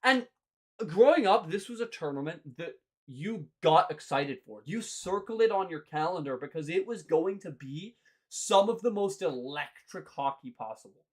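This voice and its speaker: A man's voice: fairly high pitch, expressive, moderate pace. A young man hosting a hockey show, ranting in an exasperated, sarcastic way. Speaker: hockey podcast host. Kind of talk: ranting sports commentary.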